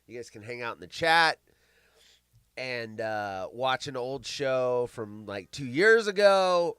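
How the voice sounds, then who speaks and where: A male show host who is losing his voice, speaking quietly and tiredly and clearing his throat now and then. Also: medium pitch, animated, takes it slowly, dry recording, studio quality. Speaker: podcast host. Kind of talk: casual chat.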